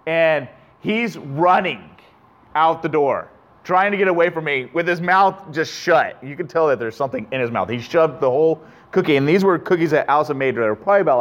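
Guy preaching, bit high voice, earnest and self-reflective, muffled lo-fi sound. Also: fairly bright tone. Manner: earnest, self-reflective storytelling with many restarts. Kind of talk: sermon with personal story.

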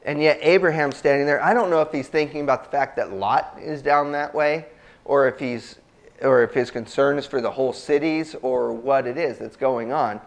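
A man's voice: mid-range voice, moderate pace, gravelly. A man preaching a sermon in a conversational way, reading a scripture passage aloud and asking his listeners questions. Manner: conversational, asks the congregation questions.

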